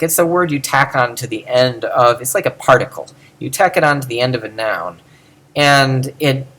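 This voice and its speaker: Guy teaching greek on video, chatty, keeps restarting, sounds out words. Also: medium pitch. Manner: animated, thinking aloud with restarts, demonstrating pronunciation. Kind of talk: informal video lecture.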